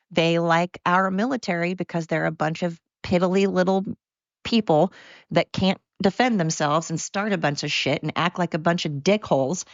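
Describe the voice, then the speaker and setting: A woman's voice: lowish voice, no echo, muffled recording. Angry profane woman ranting on a podcast. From United States. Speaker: podcast host. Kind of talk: solo podcast rant.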